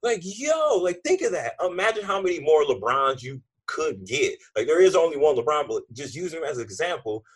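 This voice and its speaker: Dude hosting a podcast, husky voice, super animated, swears a lot. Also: male voice, fairly high pitch, fairly quick, few pauses. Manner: animated, emphatic, profane slang. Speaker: podcast host. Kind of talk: casual conversation.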